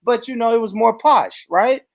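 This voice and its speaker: A Southern American man with a high-pitched voice, talking animatedly in casual chat. He is emphatic and full of slang, and he laughs often as he hosts the show. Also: moderate pace, creaky. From Nashville, Tennessee. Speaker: podcast host.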